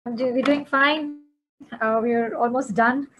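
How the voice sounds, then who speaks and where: A woman moderating an online event, answering in a hesitant, halting way. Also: a little high, steady tone, fairly bright tone. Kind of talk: casual check-in on a video call.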